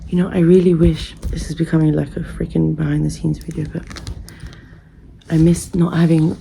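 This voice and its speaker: Chatty gravelly woman, whispered role-play. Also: low voice, flat delivery, moderate pace, rough recording. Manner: chatty, rambling, easily distracted; drifts between soft talk and whispers. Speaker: ASMR creator playing a hairstylist. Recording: noticeable background noise.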